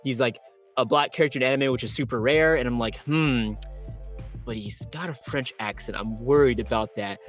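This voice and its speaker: A man, a voice actor, telling his stories as a guest in an interview, excitable and quoting himself with big jumps in pitch. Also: a little fast, soft background music. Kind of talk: animated storytelling in an interview.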